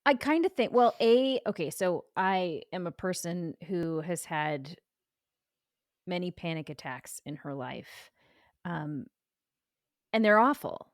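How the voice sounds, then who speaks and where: A woman co-hosting a podcast in casual chat, reflective and unhurried, with vivid swings in tone. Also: lowish voice, expressive, no room sound, clean studio sound. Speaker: podcast co-host.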